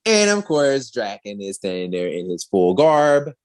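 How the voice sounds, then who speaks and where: A man hosting a podcast, telling a comic story in a slangy, animated way. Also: on the low side, measured pace, clear, resonant tone. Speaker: podcast host. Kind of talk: casual comic recap chat.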